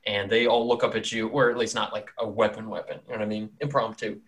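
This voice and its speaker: A man's voice: lowish voice, steady tone, fast, fairly bright tone. A man narrating a tabletop game as dungeon master in a loose, casual, rambling way. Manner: casual, rambling with fillers and laughs.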